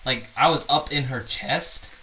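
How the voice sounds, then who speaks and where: A man's voice: mid-range voice, a little slow, bright, forceful tone, low-quality recording. A young man chatting casually, reacting to stories with surprise and laughter. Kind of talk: casual chat.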